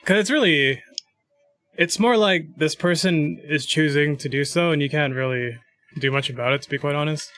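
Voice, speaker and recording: A man's voice: a little high, normal speed, fairly bright tone, no room sound. A man co-hosting a casual advice livestream, reading questions and giving earnest, rambling advice.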